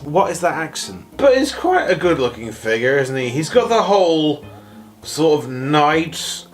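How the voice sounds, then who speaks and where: A man rambles through a toy review after too many shots, tipsy and hiccuping. His fairly high voice drags along slowly, then leaps into sarcastic yelps before sinking to mumbles. Faint music plays underneath. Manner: excitable, sarcastic, swinging between yelps and mumbles.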